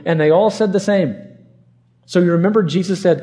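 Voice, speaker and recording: A male preacher from Arkansas delivering a relaxed, conversational sermon. His voice is mellow and sits a touch higher than most men's, and he slips into the voices of the people in the scripture as he retells it. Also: brisk. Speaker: pastor.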